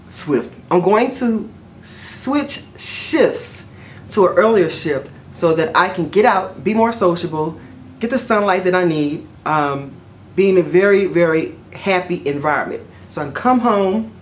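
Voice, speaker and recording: A woman's voice: fairly low pitch, slight background noise. Chatty woman telling stories. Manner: chatty and expressive, says "y'all" often. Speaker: vlogger. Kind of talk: casual storytelling to camera.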